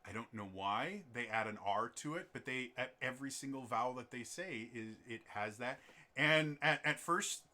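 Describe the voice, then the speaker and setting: A man's voice: mid-range voice, lively intonation, moderate pace, pushed and bright. A man running his own tabletop campaign on a stream, chatting in a rambling way with many ums and restarts. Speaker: game master and streamer. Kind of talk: casual chat on a stream.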